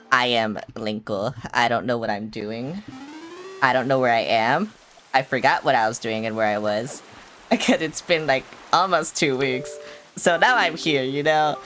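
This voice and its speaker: Hyper, low-voiced woman streamer. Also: fairly bright tone. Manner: hyper, rambling and playfully profane. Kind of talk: casual gaming livestream chatter.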